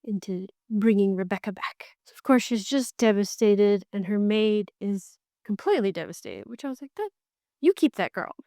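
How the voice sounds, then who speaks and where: A woman hosting a book podcast, giving a casual, animated recap and slipping into characters' lines as she goes. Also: medium pitch, normal speed, few pauses, dry recording, studio quality.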